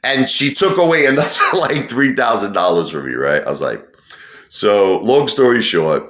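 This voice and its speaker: A man's voice: fairly low pitch, sing-song, normal speed, a bit bright, reverberant. A man telling a long personal story in a rambling, defensive way, often repeating himself. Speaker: channel host telling a story. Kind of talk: casual storytelling monologue.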